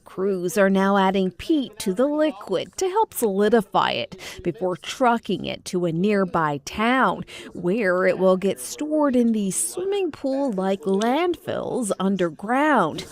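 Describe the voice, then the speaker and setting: A woman news reporter with a Newfoundland accent, reading a scripted report in a polished, measured cadence. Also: medium pitch, very animated. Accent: Newfoundland English.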